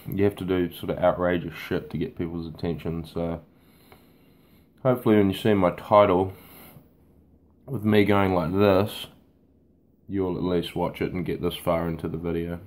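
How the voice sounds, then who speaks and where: A man's voice: low-pitched, steady tone, normal speed, a little mellow. A man, a boot camp fitness trainer, talking off the cuff to camera in a blunt, casual way and swearing freely. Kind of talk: unscripted talk to camera.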